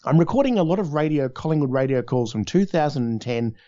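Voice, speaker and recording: An Australian man, a voice actor, chatting casually and telling stories with lively quoted voices. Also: on the high side, quick pace, dull audio. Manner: animated storytelling, voices in quotes. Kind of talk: casual conversation.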